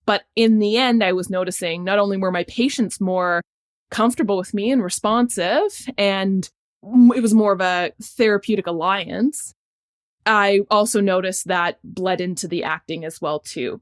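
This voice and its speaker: Middle-aged woman doctor, relaxed podcast guest, thoughtful and lively when telling stories. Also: medium pitch. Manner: reflective, animated storytelling with laughs. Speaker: podcast guest, sports medicine physician. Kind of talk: casual conversation.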